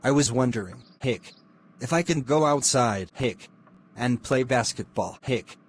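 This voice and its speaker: A man's voice: mid-range voice, expressive, moderate pace, a little hiss or hum, close to an everyday voice. A man voicing a whiny young male dog who keeps hiccuping.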